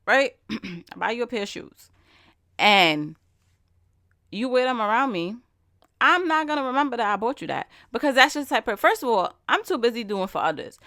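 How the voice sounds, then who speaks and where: A woman's voice: medium pitch, pushed and bright, dry recording, studio quality. Emphatic woman hosting a podcast. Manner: emphatic, conversational, colloquial with rhetorical questions. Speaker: podcast host. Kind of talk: casual solo podcast monologue.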